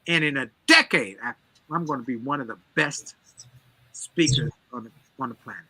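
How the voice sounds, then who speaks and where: As an interview guest, a man delivers an energetic, motivational story, hammering his points home with emphatic, preacher-like repetition. His voice is medium-pitched at a normal speed, with background noise present.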